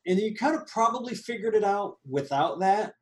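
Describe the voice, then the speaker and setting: A man co-hosting a casual movie review chat, animated and laughing, with quick asides. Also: high-pitched. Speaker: podcast co-host.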